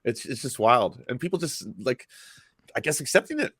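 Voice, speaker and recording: A man's voice: medium pitch, sing-song, normal speed, a bit bright, dry recording, clean studio sound. A man co-hosting a panel show over a video call, talking in an incredulous, sarcastic way with swearing. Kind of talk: casual panel chat.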